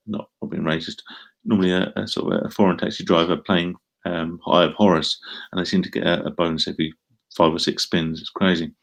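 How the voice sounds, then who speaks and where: A middle-aged man with an Essex accent, chatting casually on a live stream and answering viewer comments in a rambling way. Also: deep voice. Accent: Essex English. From England.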